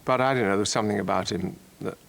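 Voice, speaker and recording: Older man fondly reminiscing, gravelly and low. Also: fairly bright tone, a little hiss or hum. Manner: halting, repeats words, chuckles between phrases. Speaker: actor recalling an old friend. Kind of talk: reminiscing interview.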